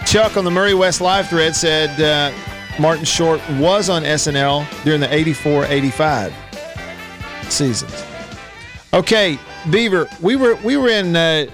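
A man's voice: a little high, unhurried, over music. A man hosting a radio talk show, chatting loosely, laughing often and reading sponsor plugs. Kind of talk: casual sports-talk radio chat. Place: radio studio.

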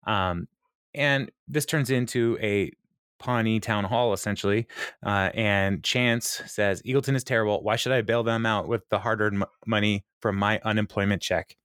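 A man co-hosting a podcast, casually retelling a sitcom episode with lots of fillers and quick laughs. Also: lowish voice, fairly even intonation, a bit bright, clean tone, no echo, clean studio sound. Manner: retells scenes with quoted lines, many fillers, laughs often. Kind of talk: casual chat.

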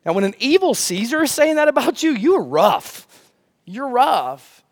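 Guy preaching, pretty high voice, swings up and down a lot, jokey and animated. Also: moderate pace. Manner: animated preaching with rhetorical questions and humor. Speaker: pastor. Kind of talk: sermon.

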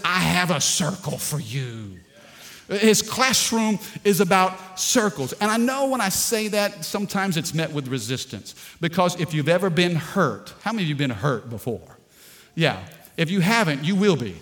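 A man pastor preaching a lively sermon, calling out to the congregation and telling funny stories. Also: high-pitched, normal speed. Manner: dynamic preaching, call-and-response with congregation, storytelling with humor. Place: large church sanctuary. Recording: long hall reverb.

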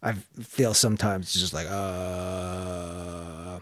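A man's voice: deep voice, steady tone, very slow, dry recording, studio quality. A man in casual conversation, talking in a reflective, searching way and swearing now and then. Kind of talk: casual chat.

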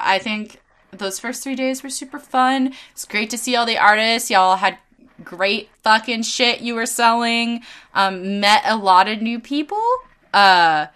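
A young adult woman hosting a podcast, telling convention stories in casual chat, animated, swearing freely and laughing often. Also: medium pitch, clear, resonant tone. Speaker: podcast host and convention artist.

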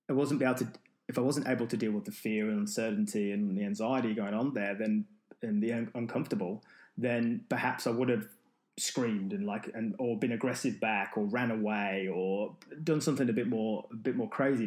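A man's voice: fairly low pitch, darkish tone. A man who is an endurance runner, telling a story as an interview guest, rambling with many restarts. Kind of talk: storytelling in conversation.

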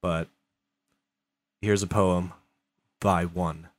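A man's voice: deep voice, little pitch movement, very slow. Playful male podcast host. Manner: playful, teasing. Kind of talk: casual chat.

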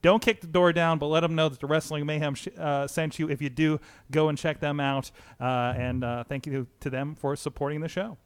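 A man's voice: fairly high pitch, steady tone, a little fast, hardly any pauses, clear, resonant tone. A man hosting a casual podcast chat, rambling with frequent restarts while reading a sponsor spot. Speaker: podcast host.

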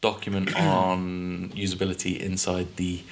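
A man's voice: low voice, monotone, a little slow, a loud crowd. A British man co-hosting a podcast, chatting casually and teasing his co-host with jokes. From Britain. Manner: joking, teasing banter. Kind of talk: casual chat.

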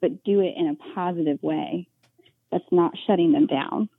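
A mother chatting as a guest over a tinny phone line. Her voice is husky and breathy. She talks in a lively way and slips into her children's voices to make a point. The sound is dry, with no room around it. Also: lowish voice, normal speed, dry recording. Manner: lively, acts out children's voices when telling examples. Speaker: podcast guest; parent of young children. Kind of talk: casual chat.

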